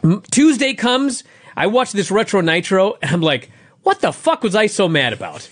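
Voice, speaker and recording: A man's voice: high voice, very animated, brisk, breathy edge. A man co-hosting a wrestling review podcast over a call, ranting with heavy profanity in casual chat. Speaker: podcast co-host. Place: home, over Skype.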